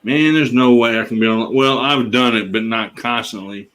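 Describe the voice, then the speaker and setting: A man's voice: mid-range voice, fairly even intonation, moderate pace, fairly bright tone, low-quality recording. A man in his forties, a fellow streamer, chatting casually in a rambling, folksy way. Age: 40s. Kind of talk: casual chat.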